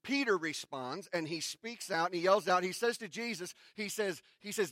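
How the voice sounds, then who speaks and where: A man pastor who reads scripture and then preaches in a conversational sermon, with restarts and dramatic pauses. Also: sits high, lively intonation, bright, forceful tone, no echo, studio quality.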